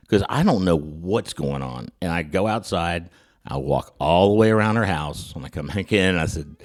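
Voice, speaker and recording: Deep-voiced male host, chatty storyteller, stumbles and restarts, acts out dialogue. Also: moderate pace. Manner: animated anecdote telling with many restarts. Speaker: podcast host. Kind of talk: casual storytelling chat.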